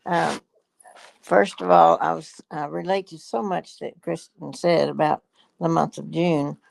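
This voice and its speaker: A woman in her nineties with a gravelly voice, a guest talking in a halting, rambling way in a casual chat. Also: low-pitched, steady tone, darkish tone, dry recording, poor audio. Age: 90s.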